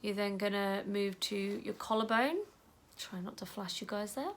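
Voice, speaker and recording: A woman leading an EFT tapping session in a casual, chatty way, saying the affirmations softly and trailing off into a whisper. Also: mid-range voice, moderate pace. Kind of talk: guided tapping instruction.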